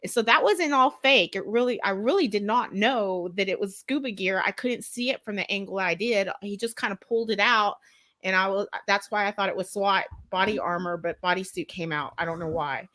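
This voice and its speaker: A woman's voice: mid-range voice, brisk, fairly bright tone, dry recording. A woman with a Texas accent chatting casually on a live stream as co-host, rambling and laughing often. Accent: Texan.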